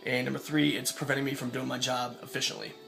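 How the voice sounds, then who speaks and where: A man vlogging, telling a story from his job as a mail carrier in a casual, profane, animated way. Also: mid-range voice, quick pace, gravelly, over music.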